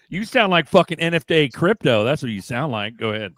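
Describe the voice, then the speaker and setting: A man's voice: on the high side, huge pitch swings, moderate pace, pushed and bright, dry recording, clean studio sound. A man co-hosting a podcast in casual chat, brash, joking and profane. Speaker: podcast co-host.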